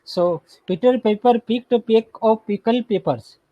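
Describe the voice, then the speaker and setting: A man with an Indian accent learning English on a video call, repeating practice phrases hesitantly and haltingly. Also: high voice, no room sound, dull audio. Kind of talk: online one-on-one language lesson.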